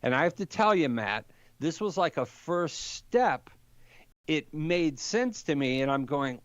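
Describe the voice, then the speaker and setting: An older man talks through a point of faith like a story, lively and full of acted-out quotes. His voice sits a bit high. The recording is dry and slightly dull. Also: unhurried, dry recording. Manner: animated storyteller, acts out quoted debaters. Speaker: Catholic apologist guest. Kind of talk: conversational podcast explanation.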